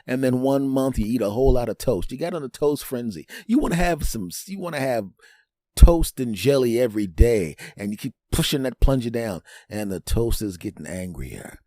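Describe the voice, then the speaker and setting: A man delivering a comedic monologue as host. His pitch leaps and swoops as he tells the story, and he keeps checking in with asides. The sound is dry and close. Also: moderate pace, no room sound. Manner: animated storytelling with sudden pitch jumps; frequent asides asking "right?".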